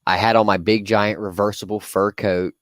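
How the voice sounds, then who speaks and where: Deep-voiced young man, laid-back. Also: flat delivery, moderate pace, dry recording, clean studio sound. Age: young adult. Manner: laid-back, self-mocking, short chiming-in remarks. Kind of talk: casual chat.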